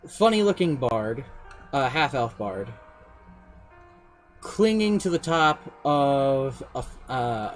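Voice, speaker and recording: A man streaming, casually recounting his tabletop campaign as game master in a rambling, self-deprecating way. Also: medium pitch.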